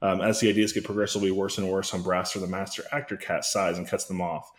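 A man with a fairly low voice hosts a comedy podcast. He recaps a story at length, rambling and correcting himself as he goes. His jokes land dry and offhand. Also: flat delivery, fast, slight background noise. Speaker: podcast host.

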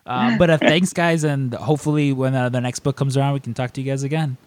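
A man's voice: mid-range voice, steady tone, quick pace. A young man co-hosting a podcast, telling stories in a rambling casual chat with lots of fillers and restarts. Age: young adult. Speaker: podcast co-host.

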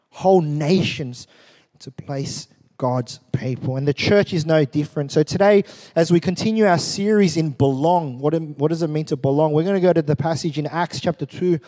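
A man, preaching a sermon as a pastor with an animated, joking storytelling manner. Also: a little high, long reverb tail.

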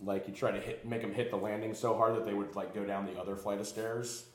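A man's voice: lowish voice, little pitch movement, fast talker, reverberant. A man, a tattoo shop owner, telling rambling, profane stories in casual talk and filling them with "like". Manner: profane, rambling, heavy use of "like". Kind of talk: casual storytelling.

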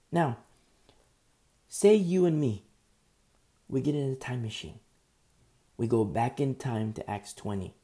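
A man preaching a sermon, retelling scripture as a lively, conversational story with asides to his listeners. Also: mid-range voice.

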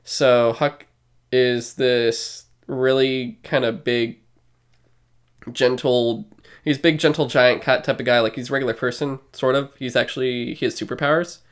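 A man's voice: mid-range voice, steady tone, a little slow. A man co-hosting a podcast in casual chat, rambling loosely with plenty of fillers and swearing. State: short of breath. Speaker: podcast co-host.

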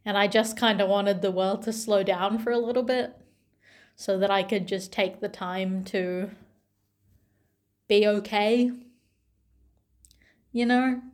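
A young woman speaks slowly and tenderly, taking her time, with a voice of ordinary middle pitch. She sounds gentle and heartfelt, pausing often and letting small laughs slip in. Her delivery is intimate and personal. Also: steady tone. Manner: slow, gentle and tender, with soft laughs and pauses. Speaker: vlogger.

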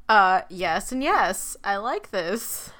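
A woman co-hosts a casual travel podcast, and her voice is bright and crisp. She trades quick, playful teasing with her co-host in loose, easygoing chat. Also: medium pitch. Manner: playful, quick teasing banter with frequent laughs.

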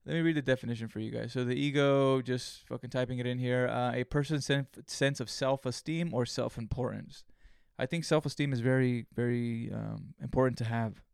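A man's voice: medium pitch, fairly even intonation, brisk, creaky, hardly any pauses, a little mellow, clean tone, no echo, studio quality. A man hosting a solo podcast, talking in a casual, rambling way with lots of swearing, fillers and restarts. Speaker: podcast host.

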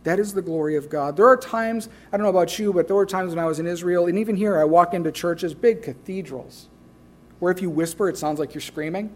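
A man preaching a sermon, emphatic, swinging between loud declarations and quiet asides. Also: high voice, a little fast. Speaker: pastor.

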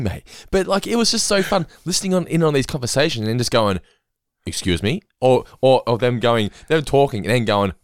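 A man's voice: mid-range voice, no echo, clean studio sound. A man in his forties co-hosting a podcast, telling stories in a casual way with lots of laughing and swearing. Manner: laughing, swearing, animated storytelling. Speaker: podcast co-host. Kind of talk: casual chat.

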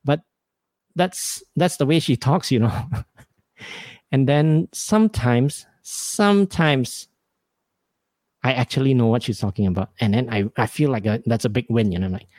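A man's voice: medium pitch, normal speed, a little mellow, no echo. Chatty man, dry close mic. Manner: rambling, self-mocking, laughs often. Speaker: podcast host. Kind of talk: casual comedic storytelling.

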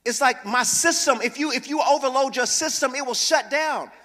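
A man's voice: very high-pitched, normal speed, bright, forceful tone. A man, a pastor, preaching a sermon in church with humor and calls for the congregation to respond. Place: church sanctuary. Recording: reverberant church hall.

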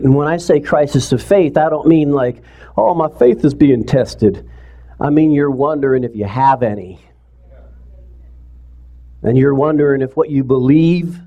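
A man's voice: medium pitch, unhurried, pauses often, warm tone, highs cut off. Earnest man preaching a sermon. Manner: earnest, conversational preaching that rises to impassioned pleading. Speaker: pastor. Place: church sanctuary, streamed service.

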